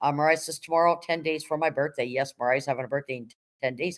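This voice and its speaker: A woman's voice: sits low, steady tone, fast talker, few pauses. A woman running a casual livestream, preachy and outspoken, swearing without a second thought. She keeps hammering home the same rallying lines straight to her viewers, then drifts into greeting people from the chat. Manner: blunt and preachy, swears freely; repeats rallying phrases, addresses viewers directly. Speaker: livestream host.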